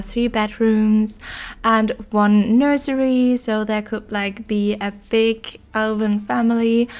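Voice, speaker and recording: A woman's voice: medium pitch, a little mellow. Sick, nasal-voiced woman narrating a build. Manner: chatty and enthusiastic, with many "like" and "uh" fillers. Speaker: Sims builder and YouTuber. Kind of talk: casual voice-over narration of a speed build.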